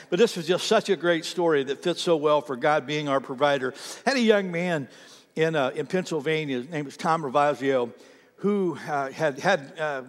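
A man with a high voice preaches a sermon with fervor, climbing to near-shouts before dropping into hushed, personal moments. His voice rings through a church sanctuary with a long, trailing reverb. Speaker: pastor.

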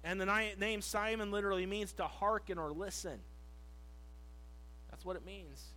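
A middle-aged man preaching a sermon as pastor, animated, leaning on key words and slowing down to read scripture. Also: sits high, poor audio.

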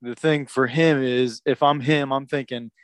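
A man probing with questions, often restarting as he thinks aloud. His voice has an ordinary middle pitch and sounds dry and close. The setting is a casual podcast chat. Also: fairly even intonation, a little slow, clean tone, dry recording.

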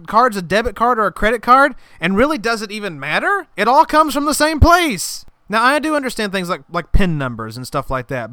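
A man's voice: high voice, pushed and bright, clear, resonant tone, dry recording, studio quality. A man hosting a comedy podcast, ranting in an exasperated way about everyday annoyances. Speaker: podcast host. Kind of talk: comedic monologue.

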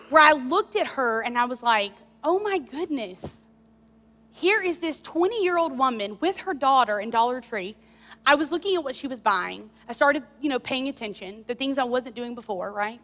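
Woman preacher, sermon, confessional storytelling, bright tone, reverberant church hall. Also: high voice, moderate pace. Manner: candid, animated storytelling with confessional tone.

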